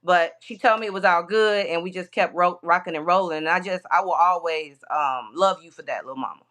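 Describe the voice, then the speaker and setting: A woman's voice: on the low side, a little fast, a bit bright. A woman guest on a podcast telling a long road-trip story in a rambling way, with many restarts.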